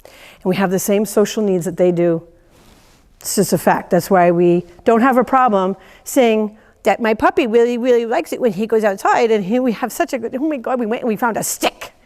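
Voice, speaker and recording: A woman teaching a class of horse owners, animated, laughing often and acting out quoted voices. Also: on the high side, normal speed, big-room sound. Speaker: horse trainer giving a lecture. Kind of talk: lively teaching talk.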